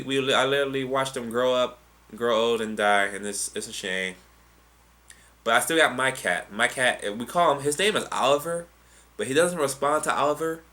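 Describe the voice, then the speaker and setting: A man's voice: medium pitch, pushed and bright. A young man, answering viewer questions in a casual, rambling, profane way. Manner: rambling, profane and loose, with restarts. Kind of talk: casual chat.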